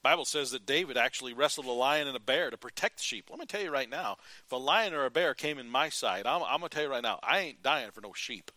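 A man preaching a sermon in an earnest style, rising to emphatic calls and dropping quiet. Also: medium pitch, expressive, fast talker, few pauses, no room sound. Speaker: pastor.

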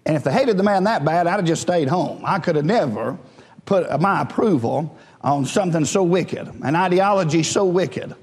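High-voiced preacher in a reverberant hall. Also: male voice, animated, a little slow, long pauses, a little mellow, husky. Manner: conversational preaching, frequent "right?" and chuckles, rising to fervent exhortation. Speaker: pastor. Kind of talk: sermon.

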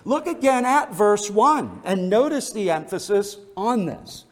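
A man's voice: high voice, expressive, unhurried, big-room sound. A man preaching a sermon as pastor, earnest, often repeating words as he presses a point.

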